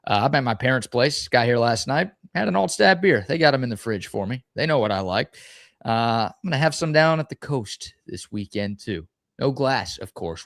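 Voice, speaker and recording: A man from Texas, co-hosting a sports talk show, doing a live beer ad read and teasing his co-host. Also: dry recording. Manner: upbeat pitchman, teasing. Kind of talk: live-read ad and casual banter. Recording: dry close studio sound.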